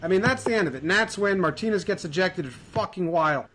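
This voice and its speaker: A man narrating a comedic clip with an excitable, profane delivery, shouting and mocking quotes. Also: high-pitched, quick pace, slight background noise. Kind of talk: comedic video voice-over.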